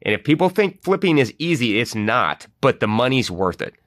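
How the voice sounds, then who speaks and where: A man's voice: mid-range voice, big pitch swings, a bit bright, no echo. A man hosting a podcast speaks in an emphatic, explaining way, leaning on key words. His voice is close and dry, with no room around it. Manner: emphatic, explanatory, slows down to stress points. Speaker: podcast host. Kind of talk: casual podcast talk.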